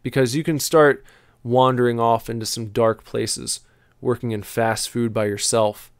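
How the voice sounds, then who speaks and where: A man casually telling a long personal story on a podcast, halting and searching for words, with a wry, laid-back manner. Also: medium pitch, steady tone, no echo, clean studio sound.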